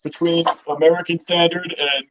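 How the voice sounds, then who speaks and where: A man from the Boston area chats casually on a dull, lo-fi mic. His voice sits fairly high, and he talks bluntly, swears freely and trips over his own restarts. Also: level tone, moderate pace, a bit bright. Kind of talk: casual chat. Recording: dull lo-fi sound.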